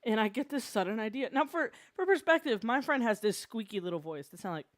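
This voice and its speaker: A streamer in a casual drawing-stream chat, mid-pitched and very lively in intonation. The delivery is animated and breaks into laughter often. The sound is dry and close. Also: fairly quick, no echo.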